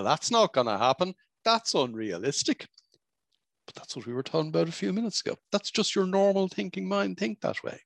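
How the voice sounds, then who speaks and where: Emphatic, gravelly podcast host. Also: male voice, a little high, no room sound. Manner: emphatic, repetitive, preacherly teaching. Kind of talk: self-help podcast monologue.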